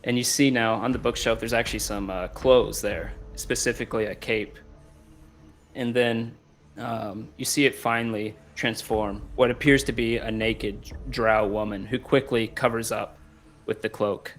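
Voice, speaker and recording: A man narrating as game master of a tabletop game, slow and halting with many fillers. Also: on the low side, steady tone, a little hiss or hum.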